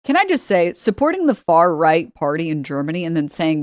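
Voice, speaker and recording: A woman delivers sarcastic, profane reaction commentary, mocking what she watches. Her voice sits low, and the recording is dry and close with no room sound. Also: big pitch swings, fairly quick, hardly any pauses, darkish tone, no room sound. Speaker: commentary streamer.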